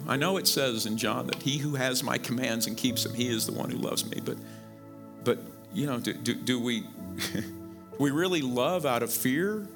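A middle-aged male pastor from Missouri preaching a sermon in a conversational way, repeating words and jumping up in pitch to stress his points. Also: normal speed, over music. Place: church sanctuary.

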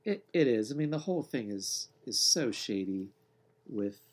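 A man co-hosting a sports podcast in casual chat, with a relaxed, joking, deadpan way of talking. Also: medium pitch, moderate pace, slightly rough. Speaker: podcast co-host.

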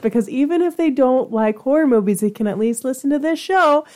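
A woman's voice: fairly high pitch, animated, moderate pace, hardly any pauses, darkish tone. Female podcast co-host, casual and earnest, laughs easily. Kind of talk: casual chat.

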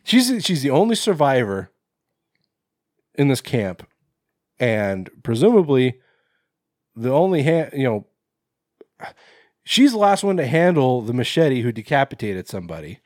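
A man's voice: mid-range voice, big pitch swings, a little slow, pauses often, a little mellow, no echo, clean studio sound. A man co-hosting a podcast, recapping a horror film in loose casual chat, rambling with lots of fillers and swearing. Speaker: podcast co-host.

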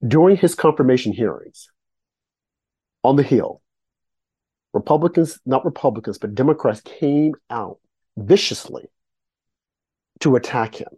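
A man's voice: mid-range voice, expressive, unhurried, pauses often, dark tone, breathy edge. A man hosting a political talk show, delivering a monologue full of emphatic rhetorical questions. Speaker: host.

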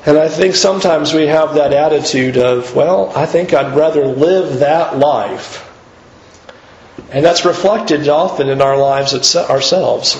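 A man preaching a sermon in an earnest, emphatic way, pushing his pitch up to stress his points. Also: unhurried, echoey room, lo-fi sound, a little hiss or hum.

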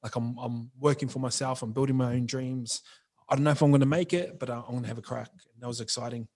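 A man's voice: medium pitch, fairly even intonation, quick pace, darkish tone. A young man, a brand founder talking frankly and casually as a podcast guest, full of slang. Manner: slangy, frank, says bro and like often.

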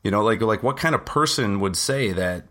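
Low-voiced agreeable podcast co-host man. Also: lively intonation, a bit bright. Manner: agreeable, backs up his partner with quick assents. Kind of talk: casual chat.

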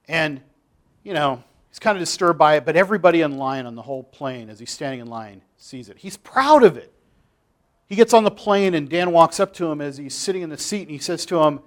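Impassioned male preacher, fairly high voice. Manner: impassioned, swings from loud emphasis to quiet asides. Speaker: pastor. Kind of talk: sermon.

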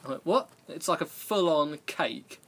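Bright, chatty man telling stories. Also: fairly high pitch, expressive, normal speed, gravelly, husky. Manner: rambling, self-deprecating, laughs often. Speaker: podcast host. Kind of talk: casual storytelling chat.

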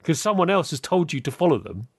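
A man's voice: on the high side, sing-song, quick pace, husky, no echo, studio quality. A man hosting a podcast interview, chatting casually and animatedly, often laughing and acting out quoted voices. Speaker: podcast host.

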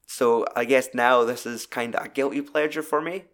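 A Scottish man hosting a podcast, chatting casually about a film with lots of swearing and animated retelling. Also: mid-range voice, normal speed. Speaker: podcast host. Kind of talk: casual film review chat.

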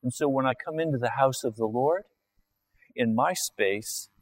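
A man preaching a sermon in a church, acting out biblical dialogue and everyday scenes in changing voices, with sudden high exclamations. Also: poor audio. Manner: slow, deliberate delivery with sudden high-pitched exclamations.

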